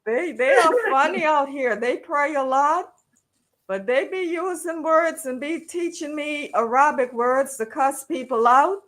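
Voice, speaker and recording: Slow, high-voiced woman storyteller. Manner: animated storyteller who acts out quotes and laughs through her stories. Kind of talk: casual chat, storytelling.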